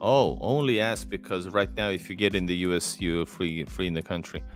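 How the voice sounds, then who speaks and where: A man's voice: low voice, normal speed, soft background music. A man, casually chatting on a livestream, rambling with many fillers and restarts, close to the mic. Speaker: livestream host. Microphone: close desk mic.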